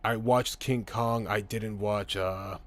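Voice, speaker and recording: Young male streamer with a low voice, casual and foul-mouthed, reading comments. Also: takes it slowly. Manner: profane, rambling, animated ranting. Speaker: streamer reading live chat. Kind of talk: casual live stream chat.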